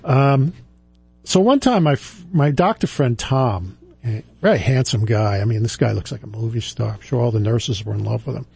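A man's voice: mid-range voice, lively intonation, moderate pace, vocal fry, a little mellow, slightly rough. A man hosting a radio show, telling a rambling, self-deprecating story in a casual way with frequent chuckles. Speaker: radio show host and retirement planner.

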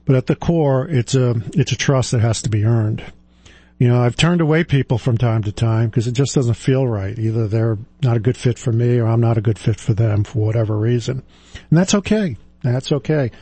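A man in his sixties, a financial advisor, talking reflectively in a halting way, with many fillers and restarts. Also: mid-range voice, fairly even intonation, dark tone, husky. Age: 60s. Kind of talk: reflective personal talk.

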